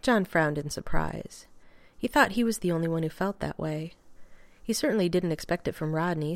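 A woman reading a story aloud in a gentle, even narrating voice. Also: deep voice, gravelly, no echo. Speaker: reader. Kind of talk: fan fiction audiobook narration.

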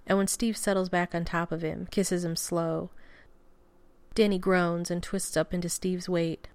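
A woman narrating a story aloud in an intimate, expressive reading. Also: lowish voice, a little slow, clean tone, dry recording. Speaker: audiobook reader.

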